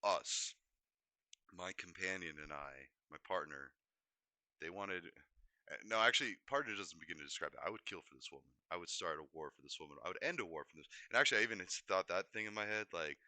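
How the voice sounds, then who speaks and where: Rambling young man with a bright, dry voice. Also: low voice, a little fast, dry recording. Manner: rambling, animated, many fillers and restarts. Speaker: streamer. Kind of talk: rambling casual chat.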